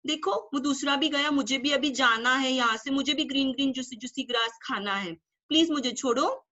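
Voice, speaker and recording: Anxious middle billy goat, played by a woman, Indian English accent, rushed begging, bright and high, dull lo-fi sound. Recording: dull lo-fi recording.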